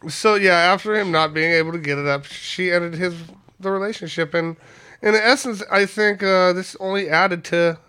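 A man's voice: high voice, moderate pace, bright, forceful tone, clean tone. A man co-hosting a casual podcast, joking crudely and rambling with stammered restarts. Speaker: podcast co-host.

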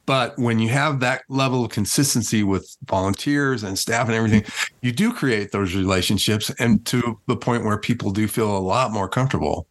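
A man hosting a podcast interview, affirming his guest and asking open questions in an encouraging manner. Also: lowish voice. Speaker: podcast host.

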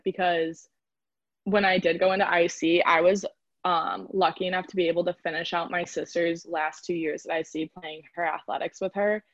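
This young adult woman from the Chicago area talks casually in an interview about being a college rower, sprinkling "like" throughout her speech. Her voice sits on the low side, and the dry recording has its highs cut off.

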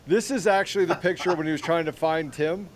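A man on a roundtable telling a mocking story with casual asides. His voice sits fairly high. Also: brisk, a crowd in the background. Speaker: roundtable guest. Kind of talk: casual chat.

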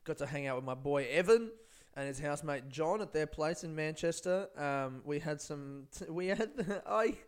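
A young male comedian talks loosely into a podcast mic, swearing freely as he rambles. His voice sits a little high for a man and comes across smooth and clear. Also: moderate pace. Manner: rambling, laid-back, heavy swearing. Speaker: stand-up comedian and podcast host. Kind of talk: casual solo podcast monologue. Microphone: podcast microphone.

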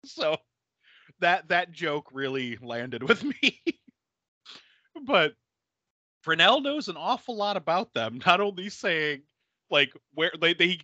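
A man hosting a casual movie recap podcast, telling stories in an animated way, laughing often and swearing freely. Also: on the high side, dry recording, highs cut off. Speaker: podcast host.

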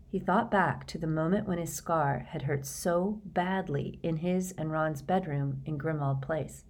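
A woman narrating a storybook aloud in a steady, measured way. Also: sits low. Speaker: audiobook narrator. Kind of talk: scripted narration.

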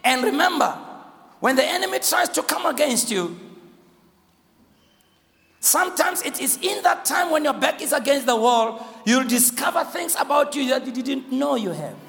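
South African bishop, very lively swooping delivery, fervent repeated calls, long hall reverb. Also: male voice, very high voice, normal speed, creaky. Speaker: bishop preaching. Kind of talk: live sermon. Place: large church hall.

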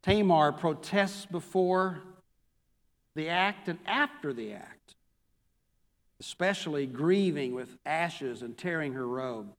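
A man preaching a sermon, reading a scripture passage aloud and then reviewing it slowly as a pastor. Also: on the high side. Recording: long hall reverb.

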